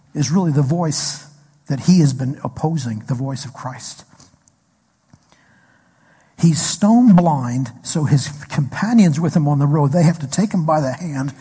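A man's voice: fairly high pitch, dark tone, slightly rough. A man preaching a sermon as pastor, telling a story and asking the congregation questions. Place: church hall. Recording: echoey hall recording.

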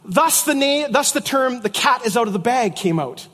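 A man's voice: very high voice, animated, normal speed, a bit bright, long reverb tail. A middle-aged man preaching a sermon in a conversational way, with jokes and asides. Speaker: pastor.

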